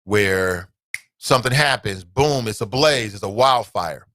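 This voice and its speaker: A man's voice: lowish voice, a little slow, sharp tone, dry recording. A man hosting his own talk show, ranting bluntly and passionately, swearing at times. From United States. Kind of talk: opinionated solo commentary.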